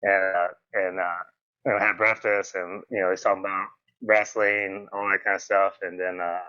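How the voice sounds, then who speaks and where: A man, a podcast guest telling stories in a casual interview. He is animated, acts out quoted lines in a raised voice and laughs often. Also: deep voice, normal speed, no room sound. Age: 40s. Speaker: podcast guest, former wrestler. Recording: dull, slightly muffled audio.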